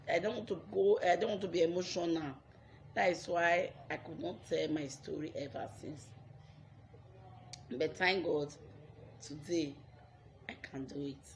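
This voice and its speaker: A woman's voice: lowish voice, slight background noise. A young Nigerian woman with a Nigerian accent telling her own life story on her vlog, earnest and repeating phrases for emphasis.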